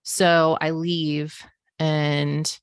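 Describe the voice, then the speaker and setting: A woman's voice: deep voice, little pitch movement, extremely slow, clean tone, no echo, clean studio sound. A woman in her forties, a podcast host, telling a personal story in a casual, chatty way full of "like" and "um". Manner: chatty, frequent "like" and "um" fillers. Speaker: podcast host, psychic medium.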